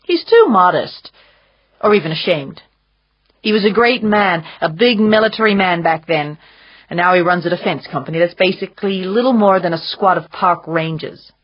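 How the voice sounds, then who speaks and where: A woman's voice: on the low side, lively intonation, normal speed, dull audio. A woman reading an urbane, teasing older man with a wry, drawling manner.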